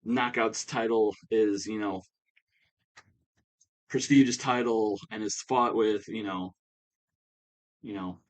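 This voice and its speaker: A proud woman champion delivers an earnest heroic speech about honor and competition, voiced by a man. She rambles in a fairly low voice and speaks like she is giving a promo. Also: fairly even intonation, slow pace, pauses often, low-quality recording.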